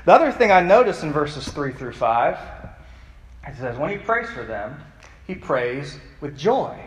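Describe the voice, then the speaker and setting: A man's voice: on the high side, very animated, measured pace, echoey room, in a large hall, low-quality recording. A man preaching a youth sermon as the youth pastor, telling stories in a conversational way and asking the audience questions. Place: church hall.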